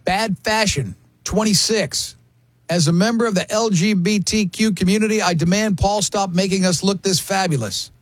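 Here is a middle-aged man hosting a talk show, his voice high for a man and husky. The sound is dry and close to the mic. He reads out listener comments between bursts of laughter. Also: moderate pace, dry recording. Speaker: radio show host. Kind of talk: casual studio banter.

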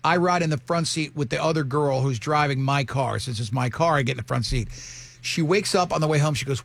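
A man hosting a morning radio show, telling animated, joking stories in casual banter. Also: fairly high pitch, normal speed, vocal fry.

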